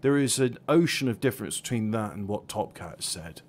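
A man's voice: lowish voice, animated, a little fast. A man in casual chat with stream viewers, hesitant and stumbling, restarting his sentences often.

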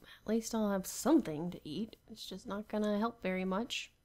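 A woman's voice: mid-range voice, moderate pace, a little mellow. A young woman talking to herself while playing a survival game, often laughing and grumbling in exasperation. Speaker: gamer. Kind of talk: Minecraft gameplay commentary.

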